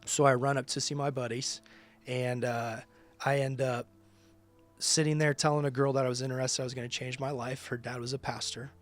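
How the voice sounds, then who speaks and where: A man's voice: medium pitch, level tone, a little fast, faint music behind. A man who leads a ministry, telling his personal testimony in conversation with emphatic, casual storytelling. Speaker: ministry leader.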